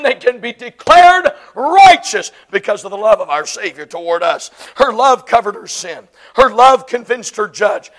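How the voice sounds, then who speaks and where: A woman preaching a sermon, impassioned and emphatic, swinging from loud declarations to hushed lines. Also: fairly high pitch.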